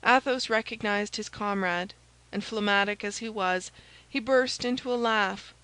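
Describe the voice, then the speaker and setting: A woman reads a classic novel aloud in a steady, even narration. Her voice sits at a middling pitch for a woman. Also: rough recording. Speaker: audiobook narrator. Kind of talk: scripted narration.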